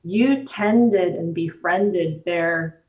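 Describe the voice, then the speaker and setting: A woman guest explaining the nervous system in a measured way, using everyday examples. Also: lowish voice. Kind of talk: explanatory conversation. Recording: roomy, distant, dull-sounding recording.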